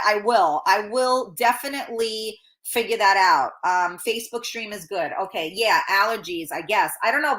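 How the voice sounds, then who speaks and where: Blunt sweary lady host chatting on a live stream, kinda sharp voice, sniffly nose. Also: mid-range voice. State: runny nose. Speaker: talk show host reading viewer comments. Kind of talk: casual live-stream chat.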